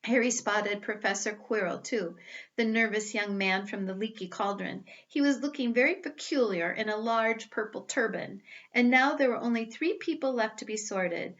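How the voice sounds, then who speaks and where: A woman's voice: fairly high pitch, normal speed, fairly bright tone, muffled recording. Woman reading a storybook aloud.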